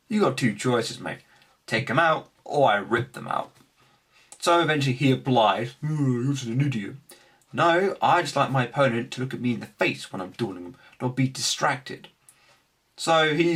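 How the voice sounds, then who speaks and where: A young man casually recapping his card game tournament, animated, acting out his opponents' remarks. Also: medium pitch, normal speed, husky. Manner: animated storytelling, acts out opponents' lines.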